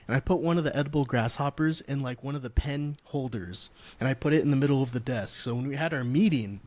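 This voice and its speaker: A man's voice: medium pitch, fast, darkish tone. A young man, a podcast guest, telling stories in casual chat, rambling with lots of fillers. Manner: rambling anecdotes with many fillers.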